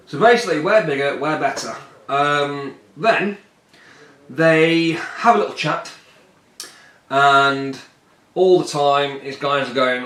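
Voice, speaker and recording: A man's voice: fairly high pitch, takes it slowly, a bit bright. Chatty man in an echoey room. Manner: rambling and jokey, puts on silly voices for the miniatures. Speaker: tabletop wargame player. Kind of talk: casual solo play-through with chat.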